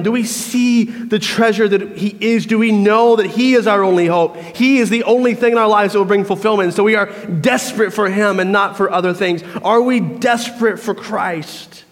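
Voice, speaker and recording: A man preaching a sermon, telling a story and acting out crowd voices. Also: high voice. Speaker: pastor. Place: church. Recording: long reverb of a church hall.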